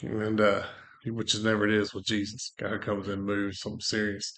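Low-voiced man telling a lively testimony. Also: normal speed. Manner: lively storyteller acting out quoted dialogue. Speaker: co-host sharing a testimony. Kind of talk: casual faith podcast storytelling.

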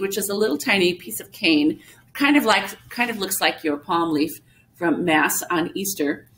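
A woman music teacher explaining things gently and simply to young children, with many fillers. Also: fairly low pitch, a little hiss or hum. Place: school classroom.

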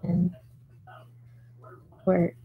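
A woman's voice: drawn-out words, phone-quality sound, noisy background. A woman hosting a live crochet tutorial, chatting casually with viewers, answering their comments and murmuring her stitch counts as she works. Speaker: crochet livestream host.

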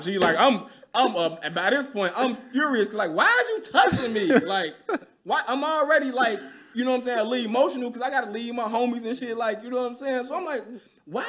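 A man in his thirties, a podcast guest, telling a story in a casual, animated way, full of slang and profanity. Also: extremely high pitch, a little fast. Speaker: podcast guest, real estate investor.

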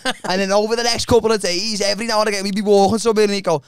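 A man's voice: high voice, fast talker, vocal fry, a bit bright, smooth, dry recording, clean studio sound. A man, a podcast host telling a funny story in casual chat and mimicking his friends.

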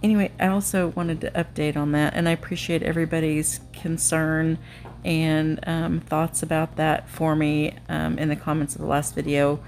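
A woman's voice: sits low, level tone, moderate pace, darkish tone, slight background noise. A woman narrating a nail art tutorial at home, chatty and self-deprecating, with frequent ums.

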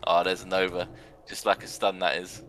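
A young man giving sarcastic, excitable commentary on a video game match and swearing now and then. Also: deep voice, fairly quick, slight background noise. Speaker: arena commentator.

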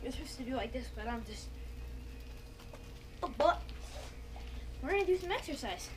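A woman's voice: high voice, expressive, normal speed, slight background noise. A young woman making a casual home vlog, playful and jokey, often dropping to a whisper. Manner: playful, jokey, swings between loud and whispering. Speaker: vlogger. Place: at home, partly outdoors. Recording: music playing clearly behind.

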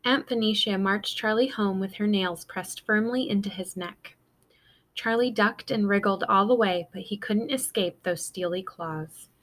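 A woman reads a children's novel aloud for her students at a steady middle pitch. She lifts her voice for the characters and drops low for the narration. The delivery is clear and expressive. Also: measured pace. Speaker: teacher reading aloud. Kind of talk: storybook read-aloud.

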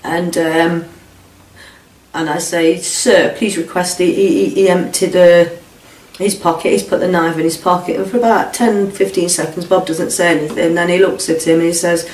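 A woman's voice: lowish voice, steady tone, normal speed, darkish tone. Blunt woman recounting an ordeal, distant and echoey. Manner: blunt, swears freely, quotes speech in dialogue. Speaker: interviewee recounting a past ordeal. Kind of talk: emotional first-person testimony. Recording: echoey room, distant mic, faint noise.

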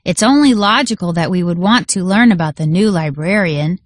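A woman voicing a tiny, eager, formal magical father in a storybook, breathless and raised in pitch. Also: moderate pace, no room sound, lightly acted.

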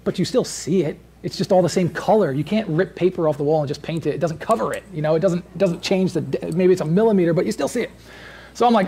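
Pastor guy rambling thru a sermon in church, husky kinda mellow voice, lots of "right?" and restarts. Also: fairly high pitch, fairly quick. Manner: conversational, rambling with many restarts and asides; tags points with "right?" and "all right?".

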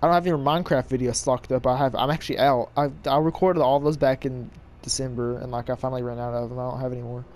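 A young man commentating his own online shooter game in a casual, excitable, rambling way, taunting other players. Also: mid-range voice, fast talker. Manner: excitable, trash-talking, rambling. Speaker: gaming YouTuber.

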